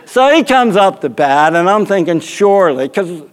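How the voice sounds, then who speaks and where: Animated pastor telling a funny story. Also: male voice, sits high, moderate pace, clean tone. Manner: animated, rambling anecdote with frequent laughter. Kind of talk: storytelling sermon.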